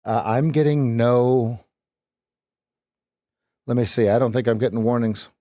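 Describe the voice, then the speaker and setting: A man's voice: medium pitch, unhurried, warm tone, dry recording. A man talks through his trades on a live stream as a coach, loose and joking as he chats with viewers. His voice sits in an ordinary middle range. The sound is dry and close, with no room around it. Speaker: trading coach. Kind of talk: live-stream trading commentary.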